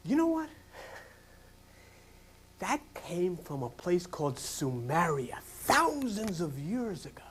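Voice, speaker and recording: Older guy preaching, voice jumps all over, goes loud then drops to a whisper, big drama. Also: sits high, big pitch swings, takes it slowly, pauses often, a little hiss or hum. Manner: dramatic, swings from loud exclamations to hushed whispers. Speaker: pastor. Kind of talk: sermon.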